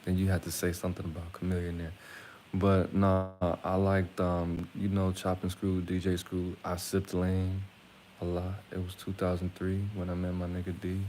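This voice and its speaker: A man's voice: sits low, completely flat delivery, normal speed, dark tone, slight background noise. A man from Atlanta casually telling rambling, joking, crude stories to his viewers. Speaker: streamer.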